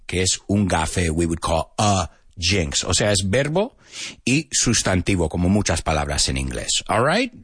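A man hosting a casual live English lesson, animated and chatty, slipping between English and Spanish phrases and laughing often. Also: on the low side, husky, no echo, clean studio sound.

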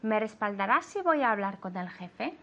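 Speaking briskly in a mid-range, very animated voice that's a bit bright, this woman teaches English, though the highs in the recording are cut off. She hands out sentences to translate and keeps her student going with patient encouragement and frequent "okay"s, in a bilingual lesson.

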